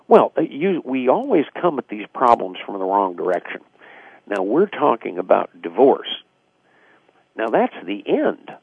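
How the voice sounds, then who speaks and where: A guest author with a low, gravelly, husky voice explains things reflectively in a casual radio interview, coming through a tinny, dry phone line. He piles on fillers and acts out quoted dialogue as he talks.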